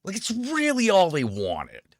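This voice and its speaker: A man's voice: high-pitched, wildly swooping pitch, a little slow, no echo, studio quality. A man hosting his own stream, ranting in a sarcastic, profane way about politics. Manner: swearing, sarcastic, fired-up. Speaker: streamer host.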